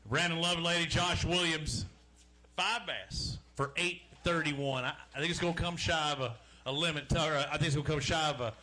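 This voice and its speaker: This weigh-in emcee speaks fairly quickly in a voice on the high side, steady but sharp. He hosts the live fishing event from an outdoor stage by the lake, keeping up a joking, chatty patter while announcing each name and weight.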